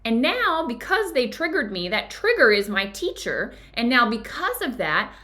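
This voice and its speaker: A woman's voice: a little high, sing-song, normal speed, bright, forceful tone. A woman hosting a book club discussion, talking casually and telling a personal story with lots of fillers. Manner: chatty, storytelling, frequent fillers. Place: lives in Colorado.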